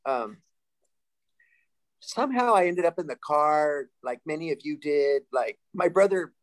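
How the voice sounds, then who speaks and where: Man, 60s, from Sacramento, slightly high voice, casual panel storytelling, laughs often, restarts. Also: low-quality recording. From Sacramento, California, US. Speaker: panel guest.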